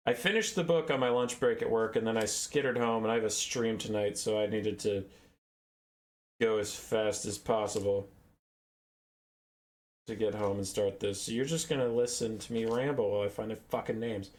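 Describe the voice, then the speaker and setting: A man's voice: fairly low pitch, fairly even intonation, normal speed, a little mellow. A young man giving a casual, rambling and sarcastic lore recap, swearing and acting out characters. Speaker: lore video host.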